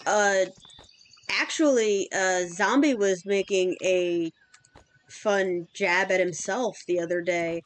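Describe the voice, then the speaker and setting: A woman's voice: mid-range voice, slow, clear, resonant tone. A woman in her thirties chatting casually and rambling with fillers while streaming a game. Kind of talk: casual chat while gaming.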